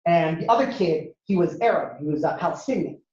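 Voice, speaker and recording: A young man from Ohio telling stories as a stand-up speaker, acting out characters with sudden jumps in pitch. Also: lively intonation, a little fast, a little mellow. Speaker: comedian and speaker. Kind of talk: storytelling stand-up talk to an audience. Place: university lecture hall. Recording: echoey hall, dull lo-fi sound.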